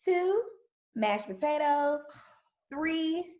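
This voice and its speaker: A woman in her twenties with a Southern American accent, hosting a podcast in an animated, emotional, casual chat. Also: high-pitched, drawn-out words, poor audio. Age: 20s. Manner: animated, emotional, laughs easily. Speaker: podcast host.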